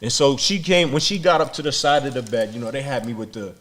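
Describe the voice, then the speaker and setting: A man's voice: medium pitch, expressive, quick pace, a bit bright. A middle-aged man telling a street story bluntly and profanely as a podcast guest, often repeating words as he speaks.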